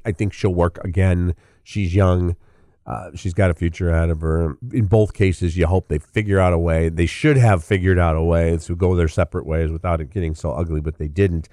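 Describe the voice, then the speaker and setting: A middle-aged man giving relaxed, opinionated entertainment commentary, talking off the cuff. His voice sits very low, and the sound is dry and close, with no room around it. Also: dry recording. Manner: conversational and opinionated, with frequent fillers and restarts. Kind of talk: casual spoken commentary.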